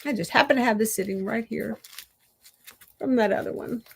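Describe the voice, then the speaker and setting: A woman's voice: a little high, normal speed, gravelly, breathy edge. A woman chatting to her viewers while she crafts, talking to herself and laughing often. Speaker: crafting vlogger. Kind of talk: casual crafting chat to viewers.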